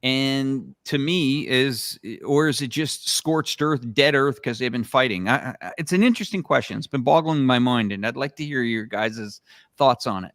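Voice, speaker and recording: A man's voice: mid-range voice, moderate pace, a bit bright, no room sound, studio quality. A man co-hosting an interview, asking a long rambling question while searching for words. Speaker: co-host.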